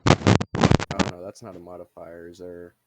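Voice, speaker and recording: A man's voice: low voice, completely flat delivery, normal speed, poor audio. A young man playing a tabletop game, swearing freely and hesitating as he decides his moves. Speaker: player. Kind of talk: casual game chat.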